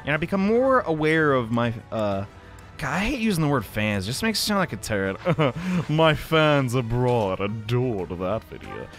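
A young man from the American South giving rambling, self-deprecating, excitable commentary while playing a video game. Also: a little high, normal speed. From Southern United States. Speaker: let's play commentator. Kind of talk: casual gameplay commentary. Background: faint game music.

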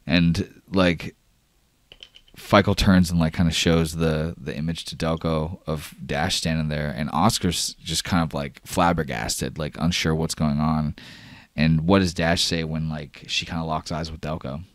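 A man's voice: rumbling low, fairly even intonation, moderate pace, dry recording. A man narrating an improvised tabletop game as game master, casual and full of fillers.

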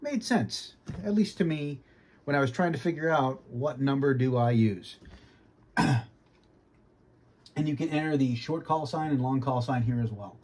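A man from Boston with a faint Boston accent, giving an easygoing casual review from his home sim cockpit and often clearing his throat. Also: mid-range voice, expressive, normal speed, long pauses, a little mellow. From Boston, United States. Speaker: flight sim hobbyist.

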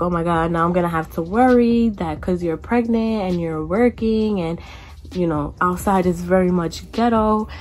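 Chatty young woman vlogger, low voice. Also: a little mellow. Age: young adult. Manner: chatty, frequent "like", casual cursing. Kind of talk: casual storytime.

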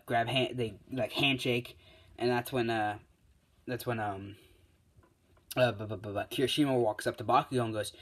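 A man casually retelling a fan story, rambling with lots of uh's and restarts. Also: medium pitch. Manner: rambling, full of fillers and restarts.

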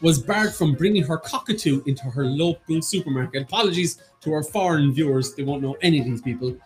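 A man's voice: a little high, faint music behind. Irish man bantering as a quiz host. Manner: bantering, reads questions out slowly. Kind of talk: casual online quiz hosting.

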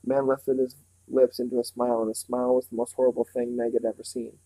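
Male reader with a mellow, dry voice, reading a novel aloud at a measured pace. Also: medium pitch, level tone, creaky, dry recording, poor audio.

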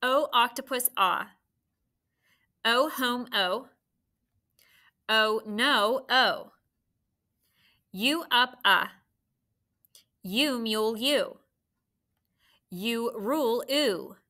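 A woman's voice: a little high, bright, forceful tone. A woman teacher leading a phonics sound drill for third graders, calling out letters and key words one by one. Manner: slow, clear call-and-response drilling. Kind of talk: classroom video lesson, phonics drill.

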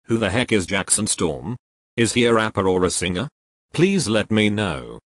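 A computer-generated male voice that reads joke error messages aloud in a flat, even, text-to-speech manner. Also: lowish voice, normal speed. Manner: flat, evenly paced computer voice. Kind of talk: synthetic text-to-speech reading.

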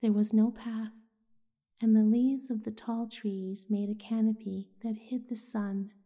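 A woman with a breathy, half-whispered voice, softly narrating a soothing bedtime story. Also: mid-range voice, little pitch movement, unhurried. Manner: soft, half-whispered delivery.

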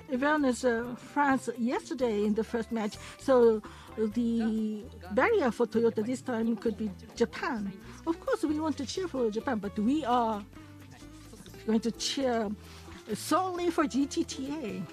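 A woman interprets a program into English on the fly, her high voice pausing and filling gaps as she keeps up. Soft music plays faintly behind her. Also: low-quality recording. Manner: halting, with frequent pauses and fillers.

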